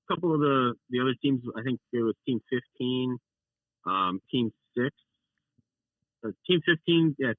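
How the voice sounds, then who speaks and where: A young man with a medium-pitched voice rambles through a race story on a casual call, acting out the lines he and his teammate said. The phone line sounds dry and tinny, with no room sound.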